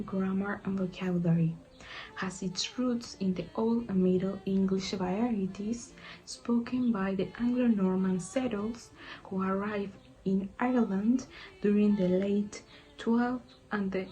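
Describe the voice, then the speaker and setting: A woman reading a scripted lesson narration in a measured, explanatory way. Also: mid-range voice, dark tone, rough recording. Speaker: teacher.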